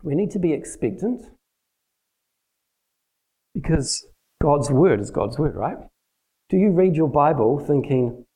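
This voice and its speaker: A man's voice: on the high side, animated, unhurried, pauses often, dark tone, breathy edge, poor audio. A man teaching a church group in a plain, conversational sermon, using practical everyday examples. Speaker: church teacher leading a prayer session.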